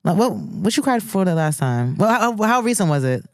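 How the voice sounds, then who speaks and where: Blunt, low-voiced woman in her thirties. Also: sing-song, fairly quick, darkish tone, no echo, studio quality. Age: 30s. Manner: blunt, profane, candid storytelling. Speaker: podcast co-host. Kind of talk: casual chat.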